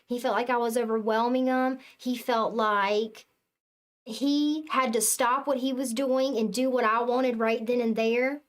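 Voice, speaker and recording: A woman giving a casual spiritual talk to her viewers, with a somewhat high voice. She speaks slowly and earnestly, leans on her words for emphasis and swears freely. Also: steady tone. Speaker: spiritual reader.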